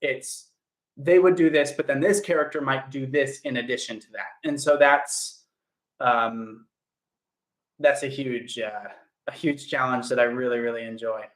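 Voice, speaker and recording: A man's voice: mid-range voice, measured pace. A young man, an actor, chatting casually on a livestream and greeting viewers by name in an upbeat way. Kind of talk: casual livestream chat answering viewer comments. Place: indoor home room. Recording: echoey room sound.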